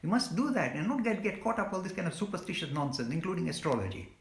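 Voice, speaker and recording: A man's voice: high voice, sing-song, fast talker, echoey room. A man giving an earnest, impassioned talk and answering questions, emphatic and scolding, often repeating words. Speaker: guest speaker on a live stream.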